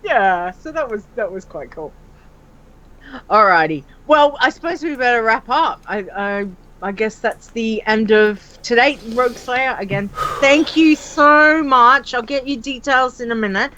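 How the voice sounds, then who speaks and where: A woman co-hosting a casual gaming podcast, chatty and quick to laugh as she tells stories. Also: on the high side, lively intonation, pushed and bright, a little hiss or hum. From Australia. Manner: chatty storyteller, laughs often. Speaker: podcast co-host. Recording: dull lo-fi voice call audio.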